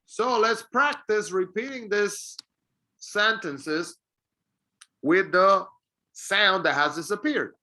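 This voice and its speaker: Bright, slow-speaking man teaching English. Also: high voice. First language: Spanish. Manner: slow, patient drilling of example sentences. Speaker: ESL teacher. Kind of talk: recorded English lesson.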